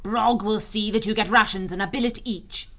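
A man's voice: high-pitched, steady tone, normal speed, fairly bright tone, voice pushed up. A man voicing a commanding, imperious female wildcat queen who barks clipped orders. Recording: dull lo-fi audio.

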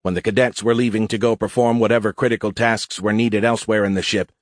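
A man narrates an audiobook in a steady, even storytelling voice. His pitch sits low. The recording is dry and close. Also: fast talker, dry recording. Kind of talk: scripted narration.

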